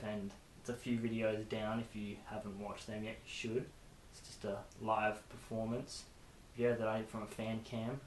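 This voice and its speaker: Chatty young man in an echoey room. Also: on the low side. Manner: chatty, rambling, self-deprecating asides. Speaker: vlogger. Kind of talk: casual chat to camera. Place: bedroom with posters. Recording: echoey room with faint hiss.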